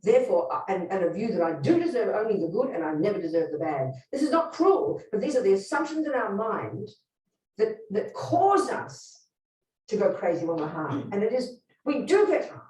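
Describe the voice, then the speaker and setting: Teaching a live group, a Buddhist nun speaks at normal speed in a mellow, sing-song, medium-pitched voice. She's blunt and emphatic, questioning her audience directly, and is captured from a distance in a spacious hall.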